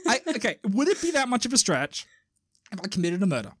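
A man co-hosting a podcast in casual chat, excitable and rambling, swearing freely. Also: high voice, quick pace, husky, no room sound, studio quality. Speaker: podcast co-host.

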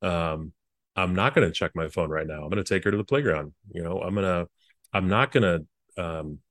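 A former speechwriter, a man, telling earnest stories in an interview, halting often and restarting his sentences. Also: sits low, fairly bright tone, no room sound, clean studio sound. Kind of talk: reflective interview storytelling.

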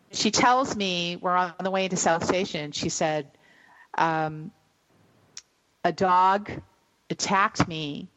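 A woman's voice: fairly low pitch, highs cut off. A middle-aged woman telling a long story on a radio show, rambling and emotional, with many fillers and restarts.

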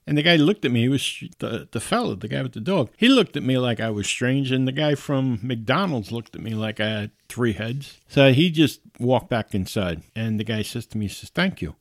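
A middle-aged man talks in an earnest, casual storytelling manner at a middle pitch. His voice is recorded close and dry, with no room sound around it. He sounds like he is just chatting to his listeners. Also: moderate pace, dry recording. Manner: earnest, conversational, animated in quoted exchanges. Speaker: podcast host.

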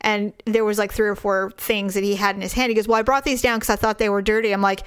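A woman's voice: mid-range voice, steady tone, fast, few pauses, fairly bright tone, clear, resonant tone. A middle-aged woman hosting a podcast, telling a story in casual chat, acting out quoted voices, swearing and laughing. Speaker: podcast host.

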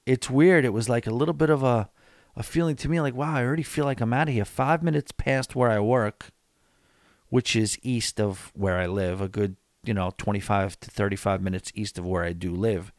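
A man's voice: lowish voice, normal speed, no room sound, studio quality. A man hosting a podcast, chatting casually and rambling with lots of fillers late at night while tired and yawning. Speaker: podcast host. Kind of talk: casual solo podcast chat.

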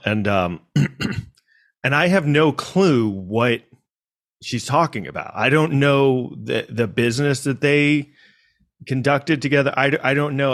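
A man's voice: mid-range voice, a bit bright. A man from New York City telling a personal story in a casual monologue, rambling with restarts and asides.

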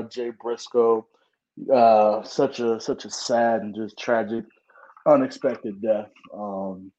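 A man's voice: medium pitch, a little mellow, dull audio. A man from Cincinnati, a teacher and podcast co-host, talking in a laid-back way with plenty of uh and um. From Cincinnati, Ohio. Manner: laid-back, many fillers like uh and um. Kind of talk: casual podcast chat.

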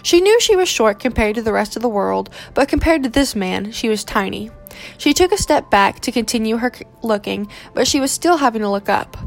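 A woman reading a romance novel aloud in steady, measured narration. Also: a little high, vocal fry, soft background music.

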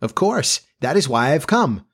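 A proud little boy who refuses to grow up, as a man reads him aloud, his voice lifted high and boyish. He speaks in an eager, demanding rush, the storybook audiobook reading kept plain around him. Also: sing-song, measured pace, a bit bright, husky, full character voice.

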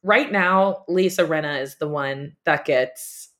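A woman's voice: low-pitched, slow pace, a bit bright. A woman hosting a podcast, chatting casually and animatedly about reality TV gossip, laughing often. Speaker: podcast host. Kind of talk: casual chat.

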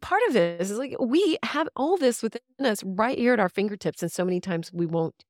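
An animated woman in a casual podcast chat, candid and quick to laugh, with a now-and-then swear word. Her voice sits at an ordinary middle pitch. It is recorded close and dry, with no room sound at all. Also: no echo.

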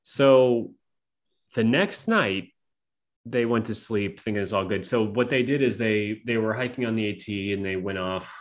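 Low-voiced man telling stories, swearing. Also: unhurried. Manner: profane, rambling, filler-heavy. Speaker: podcast guest. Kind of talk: casual storytelling chat.

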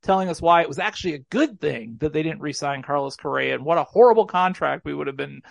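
Male podcast host, gravelly voice, dry close sound, talks in rambling bursts. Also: a little high, fast talker, dry recording. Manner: rambling, excitable. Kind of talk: casual sports podcast chat.

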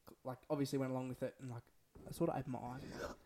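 A man's voice: mid-range voice, little pitch movement, rapid-fire, crowd noise. A young man, a podcast co-host telling rambling, sweary stories in casual chat.

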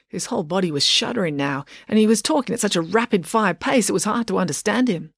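A woman narrating a storybook with a lively, expressive reading. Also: mid-range voice, fast talker, vocal fry, hardly any pauses, husky, no echo, clean studio sound. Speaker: audiobook narrator.

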